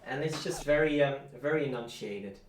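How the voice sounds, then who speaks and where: Guy from the netherlands, halting chat, lots of uhs, echoey room. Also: medium pitch, a crowd in the background. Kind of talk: casual chat.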